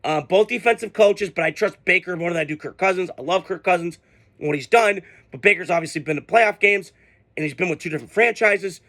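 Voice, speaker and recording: A man's voice: high voice, a little fast, a bit bright. A man hosting a sports show, ranting casually with heated, profane, exasperated outbursts. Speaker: sports podcast host.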